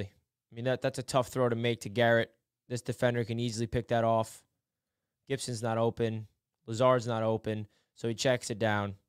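A man hosting a casual football film breakdown, excitable, dropping to low mutters and then shouting in frustration or delight. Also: smooth, no echo, studio quality. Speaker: sports film breakdown host.

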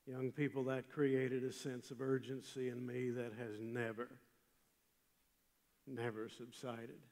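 An older man preaching a chapel sermon, telling a story with emphatic swings from loud passages to hushed ones. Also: mid-range voice, little pitch movement, takes it slowly. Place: large chapel. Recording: long hall reverb.

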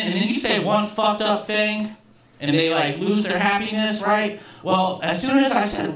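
A man's voice: high-pitched, lively intonation, measured pace, a bit bright. Profane, self-mocking male stand-up comic. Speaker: stand-up comedian. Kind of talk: stand-up comedy set. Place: comedy club stage. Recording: roomy club sound from a distance, audience laughter.

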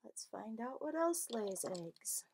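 A woman's voice: a little high, big pitch swings, takes it slowly, a little mellow, slightly rough. A woman teaching young children at home, asking questions in a sing-song way and gasping at each reveal. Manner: sing-song, exaggerated questions and gasps for kids. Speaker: children's storytime presenter.

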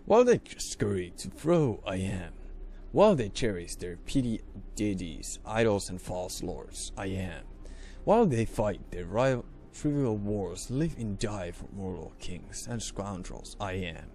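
A man reading aloud the lines of a grandiose, godlike scarecrow being from a game, slowly and quietly. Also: lowish voice, sing-song, a little hiss or hum. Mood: solemn. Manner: slow, solemn, quiet proclamation.

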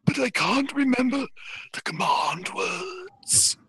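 A man voicing an eerie tempter who urges others to take dark gifts, in a sly, drawn-out sing-song. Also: very high-pitched, big pitch swings, creaky, husky, dry recording, pitched above the performer's own voice, heavily acted. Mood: urgent. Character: eerie high-voiced tempter urging gifts.

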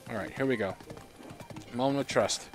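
A man commentating a live game stream, animated and chatty, talking to his in-game horse with sudden loud outbursts. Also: medium pitch, normal speed, faint music behind. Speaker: gaming streamer. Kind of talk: live let's-play commentary.

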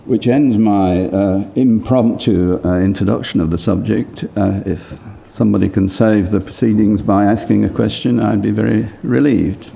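Older male lecturer, deep and gravelly, thinking aloud with lots of fillers. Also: fairly even intonation, moderate pace, few pauses, dark tone, a little hiss or hum. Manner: hesitant, many fillers and restarts. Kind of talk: impromptu academic remarks.

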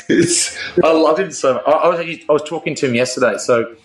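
A man's voice: fairly high pitch, a little fast. A man, a rock singer as a guest, chatting casually with many restarts, laughs and curses. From Australia. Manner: laughing, swearing, rambling with restarts. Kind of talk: casual interview chat. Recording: roomy echo.

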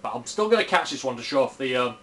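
A man's voice: mid-range voice, sing-song, fast, a bit bright, a little hiss or hum. A young man casually commenting on his own gameplay at home, chatty and blunt, swearing freely and talking back to the game. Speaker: gamer. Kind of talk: casual let's-play commentary. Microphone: camera filming the screen.

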